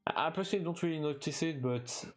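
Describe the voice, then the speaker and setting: A man's voice: a little high, faint music behind. French-accented young man chatting on stream. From France. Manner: halting, with frequent restarts and fillers, chuckling now and then. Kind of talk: casual live-stream chat while gaming.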